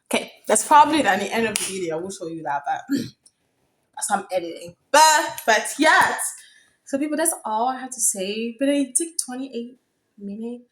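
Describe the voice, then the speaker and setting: Young woman, vlogger, slightly high-pitched, talkative, excitable, gets loud. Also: normal speed. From Africa. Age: young adult. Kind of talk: casual storytime vlog.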